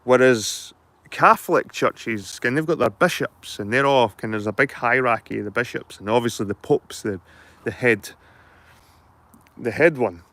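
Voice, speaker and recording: Rambling Scottish dad chatting to viewers. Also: male voice, mid-range voice, normal speed, a bit bright, no echo. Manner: rambling, repeats himself, swears freely. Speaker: channel host. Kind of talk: casual chat to viewers.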